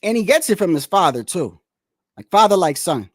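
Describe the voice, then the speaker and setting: Slangy high-voiced man, dry sound. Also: big pitch swings, moderate pace, no echo. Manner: rambling, slangy, profane, frequent "bro" and "like". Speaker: boxing commentator. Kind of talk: casual solo boxing talk.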